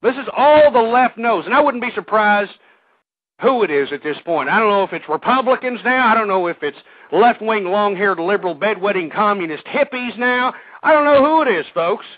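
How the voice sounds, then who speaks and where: A man's voice: high voice, expressive, normal speed, no room sound. A man hosting a call-in radio show, ranting in a combative, insulting, repetitive way at his listeners and callers. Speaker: radio talk show host. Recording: dry tinny phone-like lo-fi audio.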